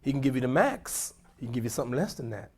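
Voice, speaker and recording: Animated imam quizzing his class. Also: medium pitch, fast, breathy edge. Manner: animated, questioning, repetitive emphasis. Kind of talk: lecture with audience questions.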